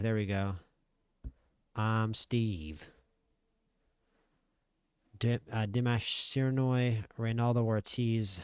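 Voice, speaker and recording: Low-voiced man thinking aloud over a game. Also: clean tone, dry recording. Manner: casual, thinking aloud with restarts. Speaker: gaming channel host. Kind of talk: let's-play commentary.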